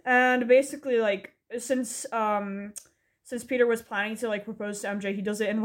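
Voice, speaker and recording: A woman's voice: a little high, steady tone, moderate pace. A young woman from Poland co-hosting a podcast, rambling casually with lots of "like" and frequent giggles. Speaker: podcast co-host. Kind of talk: casual chat.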